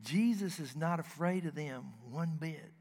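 A man's voice: on the high side, unhurried, a little mellow, big-room sound. A man from the States, preaching a sermon in a folksy, earnest storytelling way. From Southern United States. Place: church sanctuary.

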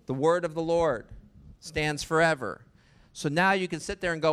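A man's voice: on the high side, fairly even intonation, normal speed, a bit bright, clean tone. A man preaching a sermon in a conversational way, often asking the listeners rhetorical questions.

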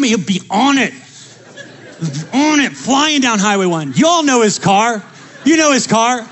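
A young adult male pastor preaching a sermon, telling childhood stories and building to energetic calls to the congregation. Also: very high voice, moderate pace. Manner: energetic storytelling, rising to preaching fervor.

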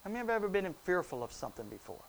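A man preaching a sermon, calling on the congregation and swinging between loud cries and hushed, quiet passages. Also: high voice, big pitch swings, rapid-fire, vocal fry. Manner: call-and-response preaching, rising to loud cries and dropping to hushed tones.

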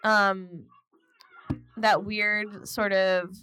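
A woman co-hosting a podcast in casual chat, animated, laughing often and swearing freely. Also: medium pitch, drawn-out words. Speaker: podcast co-host.

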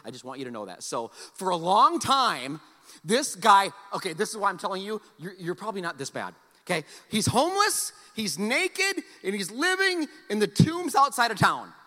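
A man preaching in a high, animated voice that swings widely in pitch. His tone is bright and forceful, and the sound carries the long reverb of a big church hall. He keeps a loose, joking delivery and repeats words as he restarts. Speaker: pastor. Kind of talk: sermon.

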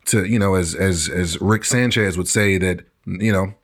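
Deep voiced chill guy on a podcast, just vibing. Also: moderate pace. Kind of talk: casual chat.

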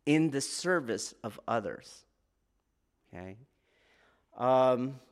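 Man giving a chatty martial arts talk. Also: medium pitch. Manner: conversational, keeps checking in with listeners. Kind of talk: informal lecture.

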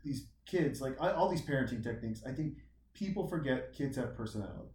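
A man's voice: mid-range voice, expressive, a little fast, darkish tone. Joking man in his forties, echoey room. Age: 40s. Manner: joking, rambling, self-mocking. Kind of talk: casual chat. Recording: echoey room, mic at a distance.

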